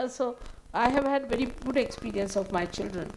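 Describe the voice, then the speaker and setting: A woman's voice: fairly high pitch, moderate pace, creaky, darkish tone, slight background noise, poor audio. An older woman, a spiritual teacher, giving a spoken talk to a gathering in a motherly, scolding way, often repeating short commands.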